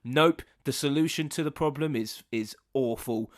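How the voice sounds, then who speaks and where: A blunt man co-hosts a casual podcast in a middle-pitched voice. He rants with dry sarcasm and swears freely. The recording is dry and close-miked. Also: normal speed, darkish tone, no room sound. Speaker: podcast co-host.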